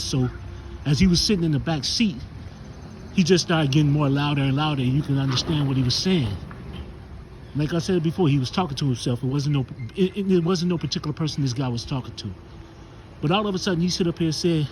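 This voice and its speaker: A man's voice: fairly high pitch, a little hiss or hum, rough recording. Preaching man on an outdoor walk. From Chicago. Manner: preachy, recounts and warns with scripture. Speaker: street preacher. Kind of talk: walk-and-talk sermon video. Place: outdoors, walking to the store.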